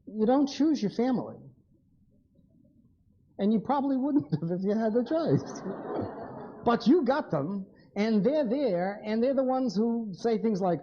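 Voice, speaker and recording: A man's voice: high-pitched, big pitch swings, normal speed, dark tone, muffled recording. A man giving a live lecture, blunt and wry, speaking straight to his audience.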